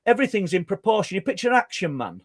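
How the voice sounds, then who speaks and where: A man's voice: high-pitched, fast, no room sound, studio quality. A middle-aged man with a Yorkshire accent, a guest telling a long story in conversation with many stumbling restarts. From Yorkshire, England. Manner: talkative, stumbling restarts, animated. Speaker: guest researcher.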